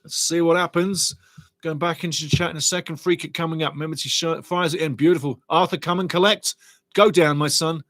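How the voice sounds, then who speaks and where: A middle-aged man hosts a live football watch-along, calling the play with excitable, chatty energy. His voice sits a touch high, and the sound is dry and close with no room around it. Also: fast talker, no room sound. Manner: excitable, chatty, reads viewer comments aloud.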